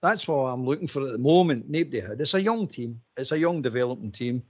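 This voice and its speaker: A man's voice: medium pitch, expressive, fast. A Scottish man hosting a fan radio phone-in, talking bluntly and repetitively, over muffled audio. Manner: blunt, repetitive, says mate often.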